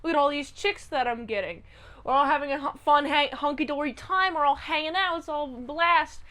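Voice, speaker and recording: A brash male crook, greedy and easily bored, talks loud and excitable with a sarcastic streak, as a woman puts him on in a casual recap. The voice sits high. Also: unhurried, exaggerated voice. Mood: excited.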